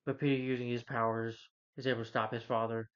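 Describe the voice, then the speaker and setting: A man's voice: mid-range voice, flat delivery, quick pace, fairly bright tone. A man casually recapping a movie plot, rambling and filling with "like" and "you know.". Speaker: movie reviewer. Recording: dull lo-fi recording.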